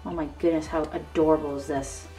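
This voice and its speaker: Her voice is low, steady, brisk and warm as she hosts a crafting tutorial, chatting and gushing while showing off her creations in a relaxed show-and-tell. It's recorded on a slightly distant mic over faint music.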